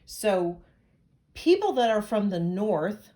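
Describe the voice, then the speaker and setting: A woman's voice: mid-range voice, very animated, slow, dark tone. A woman from Pennsylvania giving a recorded lecture as an instructor, talking in a conversational way with analogies and asides. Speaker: nursing instructor.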